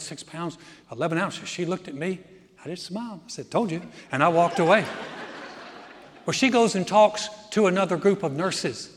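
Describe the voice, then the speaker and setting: A man's voice: high voice, a little hiss or hum. A man in his sixties preaching a sermon, alternating emphatic, swelling declarations with anecdotes told with repeated words and restarts. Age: 60s. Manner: emphatic preaching that swells loud on key lines, with stories in between. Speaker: pastor. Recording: long hall reverb with faint music.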